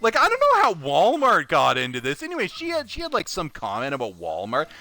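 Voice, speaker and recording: A man spinning a casual story about a customer at work, his voice high and swooping wildly up and down. He talks with lots of "like" and quick laughs, bright and forward in tone, with a dry, close sound. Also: no echo. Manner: animated, full of "like", laughs while telling. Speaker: recycling plant worker telling a story.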